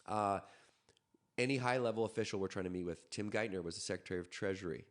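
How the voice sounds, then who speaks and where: A man from Canada, a podcast guest, telling a story in a quick, animated way with frequent restarts. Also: lowish voice. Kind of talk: casual storytelling.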